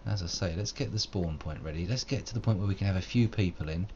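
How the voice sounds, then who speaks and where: A man's voice: sits low, quick pace, a little mellow, muffled recording, slight background noise. A man giving rambling, self-mocking live commentary while playing a game, wordy and fond of old-fashioned flourishes. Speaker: game streamer.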